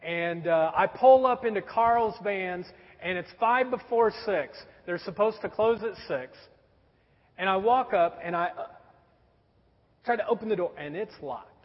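A man's voice: high voice, animated, unhurried. A man in his forties, a pastor telling a story in a sermon with a conversational, wry humor. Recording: dull sound with long hall reverb.

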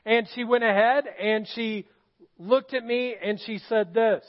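A man's voice: extremely high pitch, steady tone, unhurried, highs cut off. A middle-aged male pastor preaching a sermon in a church auditorium, telling stories and asking the congregation questions. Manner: storytelling, asks the congregation questions.

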